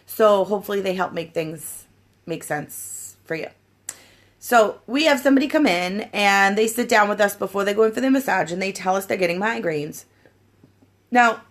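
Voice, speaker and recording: A woman in her thirties giving a casual coaching talk to her team, acting out customer chats in a lively, chatty way. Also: medium pitch. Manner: chatty, animated, acts out sales chats. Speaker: sponsor training her team. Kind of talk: casual coaching talk with role-play examples.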